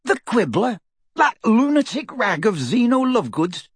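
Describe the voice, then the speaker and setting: A man's voice: very high voice, big pitch swings, a little slow, slightly rough, no echo, pitched above the performer's own voice, exaggerated voice. A man voicing a gloomy, doubtful middle-aged wizard in a storybook reading, talking heavily. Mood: incredulous. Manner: heavy, doubtful.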